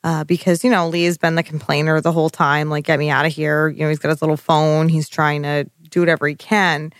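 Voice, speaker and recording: A woman's voice: low voice, level tone, brisk, dry recording, studio quality. A woman co-hosting a casual recap chat, chatty and emphatic, with lots of 'like' and crude jokes. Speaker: podcast co-host.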